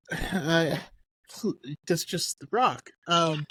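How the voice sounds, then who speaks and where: A man talking as a guest in a casual geeky chat, relaxed, laughing often and talking in quick bursts. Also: fairly high pitch. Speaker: podcast guest.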